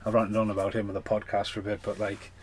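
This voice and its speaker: A man's voice: fairly low pitch, monotone, fast talker, slight background noise. A man ranting casually as a film reviewer, chatty and loose, swearing freely, a little tipsy. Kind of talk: casual rambling rant.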